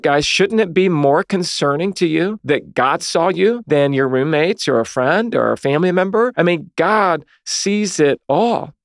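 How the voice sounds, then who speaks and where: A man's voice: a little high, no room sound, studio quality. Earnest man preaching on a podcast. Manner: earnest, preacherly, conversational with frequent "right?" and "I mean"; acts out dialogue in short quoted voices. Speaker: podcast host. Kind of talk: Christian podcast teaching.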